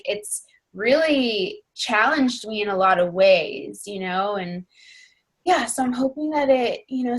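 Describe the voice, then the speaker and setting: A young woman leading a team call as a fitness coach, speaking earnestly in a rambling, casual way full of fillers. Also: a little high. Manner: earnest, rambling, heavy on fillers like "you know" and "like".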